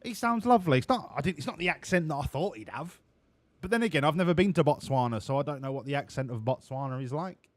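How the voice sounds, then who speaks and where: A man streams a game and talks over it in a profane, jokey, rambling way. His pitch swings widely, rising and falling as he goes. The close mic gives a dry sound with no room in it. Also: expressive, quick pace, no room sound. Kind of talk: live-streamed gameplay commentary.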